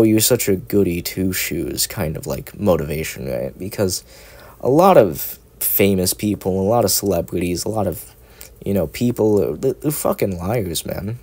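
A man's voice: deep voice, mellow. A young man chatting casually at home into a cheap microphone, rambling, swearing and making self-mocking jokes. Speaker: ASMR content creator.

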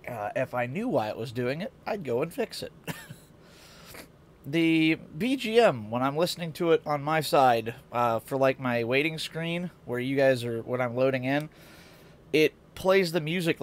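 Brief: man streaming games at home, groggy congested morning voice, rambling and chuckly, mid-pitched, slight hiss behind. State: sleepy morning voice, congested sinuses. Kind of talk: casual game-stream chat. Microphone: desk mic.

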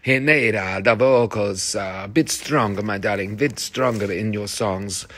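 A man's voice: fairly low pitch, a little slow, a bit bright. A theatre director, a man, reading rehearsal notes to his cast, encouraging and fond of repeating phrases.

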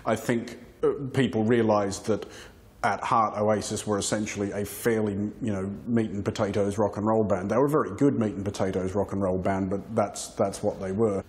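A man's voice: lowish voice, fairly even intonation, moderate pace, darkish tone, slight background noise. A man giving frank critical commentary in an interview, with stammered starts.

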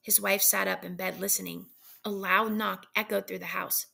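A woman narrating a story aloud in a measured, suspenseful way. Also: mid-range voice, fairly even intonation, gravelly, pushed and bright. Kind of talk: dramatic story reading.

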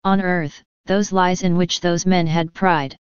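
A woman reading a gentle female angel's lines in rhyming verse, in an even storybook delivery. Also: fairly low pitch, a little slow, clear, resonant tone, no room sound, dull audio, natural voice. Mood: consoling. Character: gentle female angel comforting her husband.

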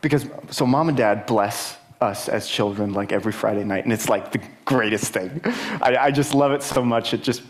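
A young man speaking in church, giving a personal testimony sermon in a halting way with many fillers and restarts. He climbs higher and grows more emphatic as he gets stirred.

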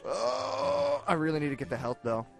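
Excitable young man yelling at a game. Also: a little high, normal speed, vocal fry, soft background music. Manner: excitable, yells at the game, self-mocking. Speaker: gaming video host. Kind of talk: let's play commentary.

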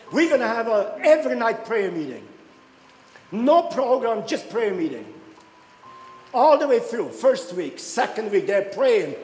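A man preaching a sermon, telling stories in a lively way and rising to excited shouts. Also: high-pitched. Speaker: pastor. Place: church hall. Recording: echoey hall with faint music.

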